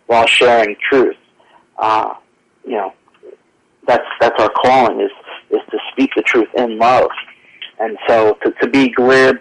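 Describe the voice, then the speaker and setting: A man as a guest on a radio interview, speaking earnestly with many fillers and restarts. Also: medium pitch. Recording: tinny phone line.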